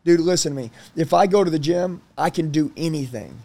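A man in his thirties telling personal stories in a casual interview, blunt and animated, swearing freely. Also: on the high side, a little fast. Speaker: guest.

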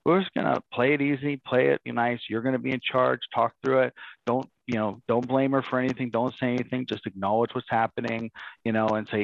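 A man's voice: mid-range voice, brisk, vocal fry, dry recording. Man, business owner, interview guest, dull lo-fi sound, dry room. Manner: animated storytelling, acts out customers and staff. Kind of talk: casual interview talk.

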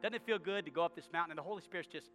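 A man preaching a sermon, telling a story with soft asides and sudden shouted prayers. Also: a little high, very fast, soft background music. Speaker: pastor.

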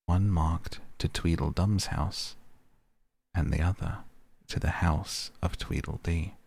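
Low raspy guy reading a kids' story aloud, steady pace. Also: slow, dry recording. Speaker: narrator. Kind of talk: audiobook narration of a classic children's story.

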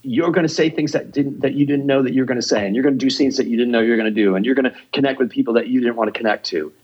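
An improv teacher tells stories in a casual interview, passionate and heavily profane. He has a husky, mid-range voice, talks very fast, and the recording's highs are cut off.

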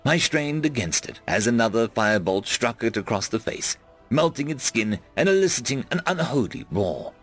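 A man narrating a web serial chapter aloud in first person, reading expressively with big dramatic swings and shouting out the dialogue. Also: medium pitch, very animated, normal speed, slightly rough, faint music behind. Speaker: audiobook narrator.

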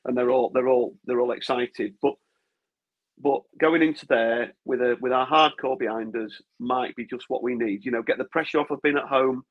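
Husky man, rambling football chat. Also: medium pitch, moderate pace. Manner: rambling, many restarts. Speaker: podcast co-host. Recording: dull lo-fi sound.

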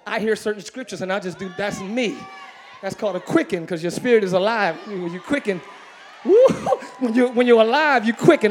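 High-voiced man preaching with shouts. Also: animated, a little fast. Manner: swings from shouting to quiet, jokes with the congregation; bursts into shouts and ecstatic exclamations. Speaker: pastor. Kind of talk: energetic preaching sermon. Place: large church sanctuary with congregation.

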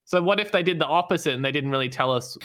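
A man's voice: fairly high pitch, rapid-fire, a bit bright, a little hiss or hum. A man co-hosting a casual gaming podcast, speaking in an upbeat, optimistic way. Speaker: podcast co-host.

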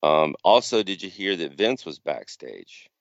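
A man's voice: low voice, very animated, measured pace, creaky, no echo, highs cut off. A man co-hosting a podcast, casually rambling through a story. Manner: rambling storyteller, acts out quotes. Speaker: podcast co-host. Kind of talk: casual chat.

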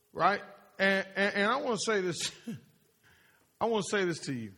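High-voiced preacher in an echoing hall. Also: male voice, expressive, a little fast, long pauses, fairly bright tone. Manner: call-and-response, questions to the congregation; repeats phrases, rising and falling emphasis. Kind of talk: sermon. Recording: long hall reverb.

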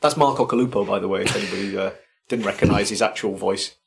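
A man's voice: on the low side, fast, creaky, background noise. A man co-hosting a podcast in casual chat, telling stories with self-mocking humour. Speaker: podcast co-host.

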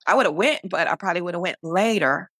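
A woman's voice: on the low side, expressive, fast, a bit bright, dry recording. A young woman, a guest on an interview podcast, talking earnestly and encouragingly with many repetitions. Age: young adult. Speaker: guest, cancer survivor. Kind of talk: conversational interview.

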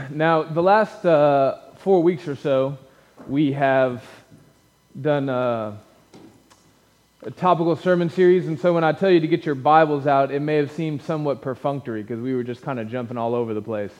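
Pastor, man, higher-pitched, casual joking sermon delivery; dull recording with long church reverb. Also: moderate pace, a little mellow. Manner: conversational and joking with the congregation. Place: church sanctuary.

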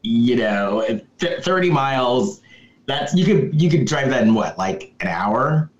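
A man's voice: medium pitch, lively intonation, a little slow. A man co-hosting a podcast, recapping a movie plot in a casual chat and answering with emphatic repeated yeses. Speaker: podcast co-host. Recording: roomy, dull lo-fi sound.

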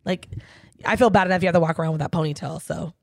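A woman co-hosting a casual podcast, ranting in an animated way and swearing freely. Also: sits low, fast, creaky, no echo. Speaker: podcast co-host.

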